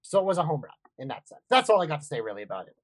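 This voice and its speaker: A woman co-hosting a casual wrestling podcast, animated and blunt, with quick asides and casual swearing. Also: sits low, no room sound, poor audio. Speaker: podcast co-host.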